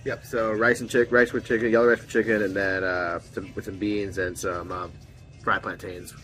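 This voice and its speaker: A man's voice: fairly low pitch, level tone, moderate pace, a bit bright, slight background noise. A man from Puerto Rico, a friend on the trip, chatting casually and explaining things in an easygoing way. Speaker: guest friend. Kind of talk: casual chat.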